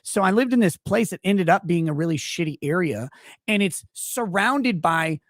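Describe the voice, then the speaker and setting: A man's voice: high voice, expressive, normal speed, dry recording, clean studio sound. Profane rambling storyteller, a man. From Houston, Texas. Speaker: podcast guest. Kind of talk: casual chat.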